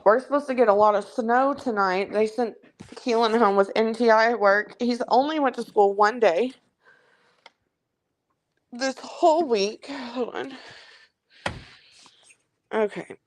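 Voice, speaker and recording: Slow-talking woman, chatty. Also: fairly high pitch. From Kentucky. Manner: chatty, rambling, swears casually. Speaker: livestream host. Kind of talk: casual gossip livestream.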